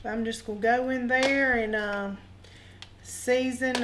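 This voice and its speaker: A woman chats through a recipe in her home kitchen, folksy and teasing as she goes. Her voice sits a little higher than most, and a faint sizzle of the pan runs underneath. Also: steady tone, slow pace, background noise. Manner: folksy and joking, calls viewers honey and y'all. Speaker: cooking show host. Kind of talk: casual cooking demonstration.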